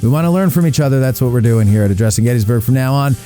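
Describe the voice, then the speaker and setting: A male host talks in loose, joking chat, his voice mellow and warm. He leans on fillers as he goes. A faint guitar plays behind him. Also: mid-range voice, expressive, rapid-fire. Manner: joking, chatty, many fillers. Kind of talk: casual live show chat.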